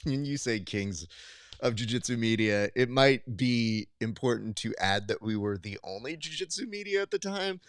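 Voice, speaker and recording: A man's voice: medium pitch, moderate pace, no room sound, studio quality. A man hosting a podcast in casual chat, telling stories and acting out the people in them. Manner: animated storyteller, acts out quoted exchanges. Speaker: podcast host.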